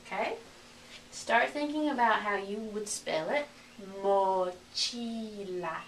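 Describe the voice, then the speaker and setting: Slow, patient woman teaching a lesson. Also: a little high, animated, reverberant, far from the mic, a little hiss or hum. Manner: slow, clear, repeats words for learners. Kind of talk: recorded lesson.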